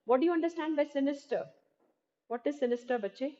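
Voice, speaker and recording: Woman teacher, online class, fairly high mellow voice, questions to students. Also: fairly quick. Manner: explains line by line, asks students questions. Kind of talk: online English class explanation. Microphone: computer mic in video class. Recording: dull, roomy online class audio.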